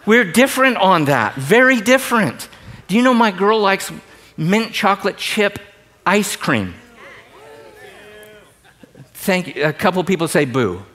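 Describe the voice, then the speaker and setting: Animated man preaching a sermon. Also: sits high, measured pace, long pauses. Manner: animated, jokey, shifts from loud emphasis to hushed asides. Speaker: pastor.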